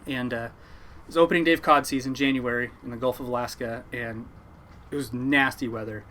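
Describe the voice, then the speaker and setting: A man, a fishing boat captain, telling stories from his life at sea to a podcast host in a lively, laughing way. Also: medium pitch, brisk, slight background noise. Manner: animated yarn-spinner, laughing at his own story. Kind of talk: casual storytelling.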